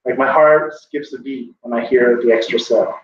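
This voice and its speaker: A man's voice: mid-range voice, steady tone, moderate pace, background noise. A man teaching a grammar class, emphatic and opinionated, explaining with examples. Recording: echoey room from far off, dull.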